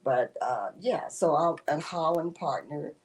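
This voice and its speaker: A woman author, a guest in a casual interview, telling animated stories and often breaking into laughter. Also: low voice, a little slow, breathy edge. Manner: animated storytelling with frequent laughter.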